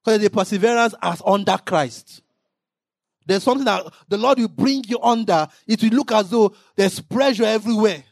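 A man preaching a sermon in an impassioned way, now and then rising into shouted emphasis. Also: high voice, normal speed, dry recording, clean studio sound.

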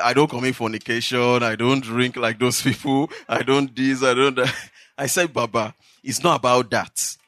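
A man with a Nigerian accent preaching in church, telling testimonies in a lively way with bursts of laughter. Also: mid-range voice, no echo, studio quality. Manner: animated storytelling with laughter. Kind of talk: sermon testimony.

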